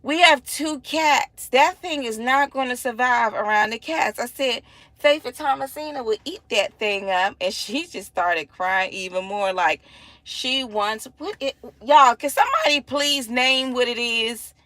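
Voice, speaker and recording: Bright-voiced woman telling a story. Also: fairly high pitch, measured pace, dry recording. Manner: animated, acts out quoted voices, laughs often. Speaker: vlogger. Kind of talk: casual storytelling chat.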